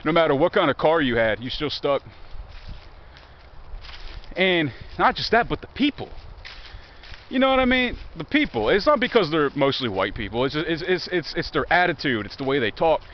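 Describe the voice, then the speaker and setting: A man's voice: a little high, big pitch swings, moderate pace, muffled recording, slight background noise. A young man with a Virginia country accent rambles, swearing and sarcastic, as he walks outdoors. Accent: Southern American, Virginia. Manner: profane, joking and sarcastic. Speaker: vlogger. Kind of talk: rambling walk-and-talk monologue. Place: outdoors in woods near a highway.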